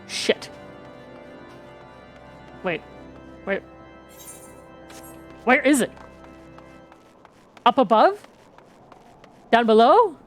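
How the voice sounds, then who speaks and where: Woman streamer, from germany, giggly and self-mocking, has a cold, slightly high voice, soft game music behind. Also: very animated, drawn-out words, pauses often. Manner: giggly, self-mocking, stumbling over words. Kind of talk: casual gameplay chat.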